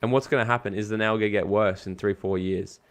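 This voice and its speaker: This network marketing coach, a guest in an interview, has a lowish voice with fairly even intonation and a quick delivery. His motivational advice comes across emphatic and casual, and he swears from time to time.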